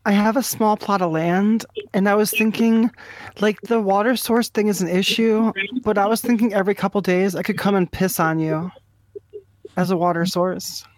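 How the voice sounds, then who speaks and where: A woman making prank phone calls, delivering absurd insults in a mock-earnest, deadpan way. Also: medium pitch, normal speed, dry recording. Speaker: prank caller.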